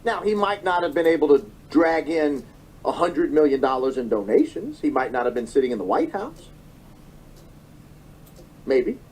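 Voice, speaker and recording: A man's voice: a little high, sing-song, normal speed, long pauses, darkish tone, slight background noise, rough recording. Emotional man commentating, repeating himself. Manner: emotional, repeats phrases, self-corrects. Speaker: political commentator. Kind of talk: monologue commentary.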